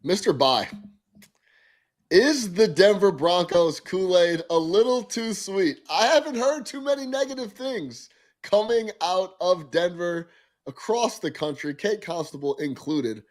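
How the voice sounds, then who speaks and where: A man's voice: high-pitched, expressive, a little slow. A man co-hosting a sports betting show, asking a guest playful, teasing questions. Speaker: co-host. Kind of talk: casual sports chat.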